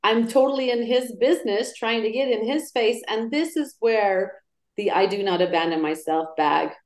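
Animated woman telling stories, roomy sound. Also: a little high, normal speed. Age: middle-aged. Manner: animated storyteller. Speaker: guest. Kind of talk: casual podcast chat. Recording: roomy echo.

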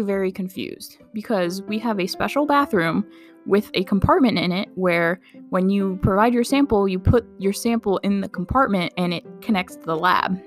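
A young woman with a medium-pitched voice, who works at a medical clinic, shares a casual personal story. She sounds chatty and incredulous, laughing throughout and saying "like" a lot.

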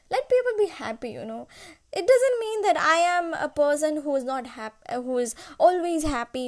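A high-pitched woman in her twenties, not a native English speaker, opens her own solo podcast unscripted, rambling and searching for words. She laughs often and fills gaps with fillers, recorded through a podcast app.

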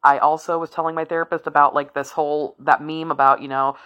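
A woman in her forties with a low voice that still has a bright, forceful edge. She talks frankly and swears freely, rambling through asides with a laugh here and there. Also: level tone, quick pace, clear, resonant tone, dull audio. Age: 40s. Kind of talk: candid solo talk.

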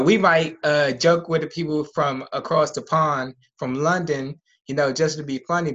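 A man co-hosting a podcast, chatting casually with relaxed, slangy opinions. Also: on the high side, muffled recording. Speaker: podcast co-host. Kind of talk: casual chat.

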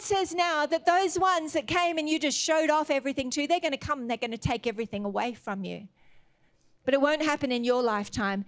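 High-voiced woman preaching a sermon. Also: a little fast. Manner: retells scripture with acted quotes, earnest and exhorting.

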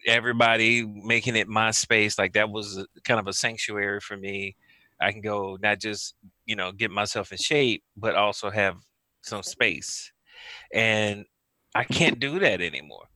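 Animated, low-voiced man chatting. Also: unhurried, no echo. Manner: animated, laughing storyteller. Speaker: podcast co-host. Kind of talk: casual chat.

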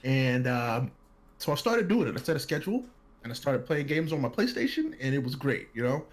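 A man casually telling a personal story on a podcast, animated, acting out other people's lines and laughing often. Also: medium pitch, a little fast.

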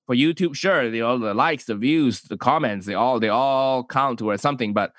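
A man from Malaysia talks through his answers in a relaxed interview, full of small restarts and fillers. His voice sits at an ordinary middle pitch, recorded dry and close with no room sound. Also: moderate pace, dry recording. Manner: hesitant, many restarts and fillers. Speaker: comedian and YouTuber guest.

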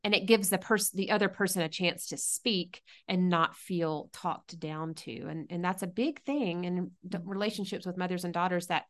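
A woman's voice: lowish voice, normal speed, hardly any pauses, fairly bright tone. A middle-aged woman speaking as a podcast guest, earnest and reflective, often restarting her sentences. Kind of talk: conversational interview.

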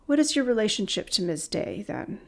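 Woman voicing a calm, kind young policewoman. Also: mid-range voice, creaky. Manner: measured, reassuring.

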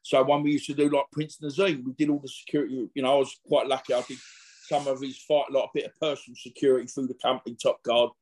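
A man's voice: medium pitch, level tone, fast talker, a little mellow. A middle-aged man, an interview guest telling long, slangy anecdotes full of restarts and acted-out quotes. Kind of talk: casual anecdotal storytelling.

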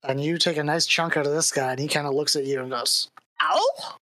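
A woman's voice: low voice, steady tone, fast, sharp tone, no room sound. A woman narrating a live tabletop game as dungeon master, in a casual, easygoing way. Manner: casual, laughing, describes the action plainly.

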